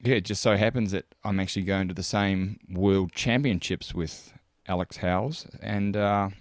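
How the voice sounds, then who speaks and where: A man's voice: deep voice, normal speed, no room sound, studio quality. A man with a New Zealand accent hosting a casual podcast, chatty and easygoing with plenty of fillers. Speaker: podcast host and cycling coach.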